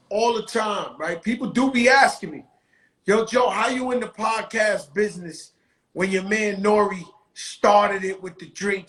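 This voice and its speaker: A man's voice: high voice, sharp tone. A man hosting a casual conversation, speaking in an emphatic, affirming way. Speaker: host.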